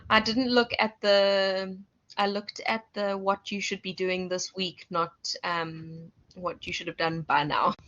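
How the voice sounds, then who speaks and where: A woman's voice: mid-range voice, a bit bright. A South African woman lecturer giving an online class, chatty and self-correcting, asking her students questions. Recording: muffled lo-fi audio.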